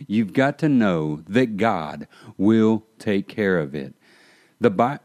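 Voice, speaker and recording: Pastor guy preaching on a podcast, lowish mellow voice, earnest and building up. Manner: earnest preaching, rising in fervor. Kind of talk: podcast sermon.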